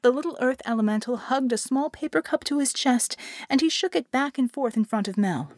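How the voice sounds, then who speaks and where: A woman narrating an audiobook in an expressive storytelling manner. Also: high voice, fairly quick, no room sound, studio quality. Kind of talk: scripted narration.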